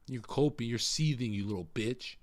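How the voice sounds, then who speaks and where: A man's voice: medium pitch, moderate pace, dry recording. Profane taunting male streamer, dry sound. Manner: profane, taunting, mocking insults. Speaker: live streamer. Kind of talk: angry rant at a chat viewer.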